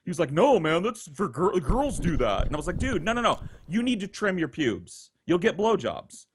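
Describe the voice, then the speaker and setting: A man's voice: high voice, sing-song, moderate pace. A man telling a long, profane anecdote in casual chat, rambling with restarts and quoting others. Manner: rambling, profane, full of restarts and acted quotes. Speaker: podcast storyteller. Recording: noisy home recording.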